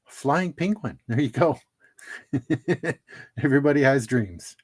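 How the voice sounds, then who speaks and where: A man's voice: mid-range voice, takes it slowly, pauses often, a little mellow, breathy edge. Chatty man hosting a card livestream. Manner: chatty, laughs at his own jokes. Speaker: livestream host opening trading cards. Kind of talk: casual livestream chat.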